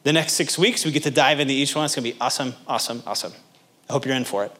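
A man's voice: mid-range voice, very fast, soft background music. A pastor preaching to his congregation, asking them direct questions and acting out little scenes in voices. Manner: animated, acts out little scenes in character voices. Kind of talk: sermon.

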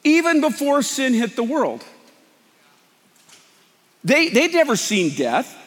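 A man's voice: very high voice, fairly bright tone, in a large hall. A man preaching a sermon as pastor, talking in a conversational, emphatic way.

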